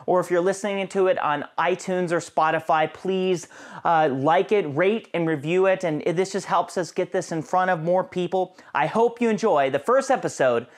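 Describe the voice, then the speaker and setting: A man's voice: high voice, normal speed. Dude hosting a podcast, super chatty, lots of uhs and likes, teasing his guest. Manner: chatty, playful, lots of fillers. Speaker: podcast host. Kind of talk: casual podcast conversation.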